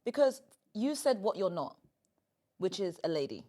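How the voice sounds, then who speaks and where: A woman's voice: sing-song, moderate pace. Emphatic, teasing woman hosting a podcast. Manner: emphatic, teasing, swings between loud bursts and low asides. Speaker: podcast host. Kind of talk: casual comedic chat.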